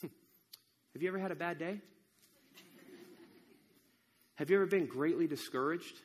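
A man performing a first-person monologue as the biblical farmer-hero Gideon, telling it in an animated, exasperated, wry way. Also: on the high side, fairly quick, slightly rough. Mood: rousing. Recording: echoey hall reverb.

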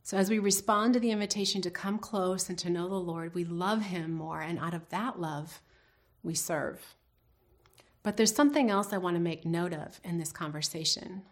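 A woman's voice: on the low side, moderate pace. A woman teaching a devotional Bible lesson in an earnest, reflective way, putting questions to her listeners.

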